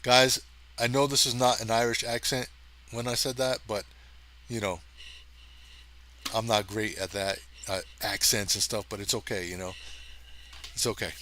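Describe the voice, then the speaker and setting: A man narrating a science fiction story aloud with lively drama, now and then turning to chat casually with his listeners. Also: on the low side, normal speed, pauses often, a little hiss or hum. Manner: lively, chatty, talks to listeners directly. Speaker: audiobook reader.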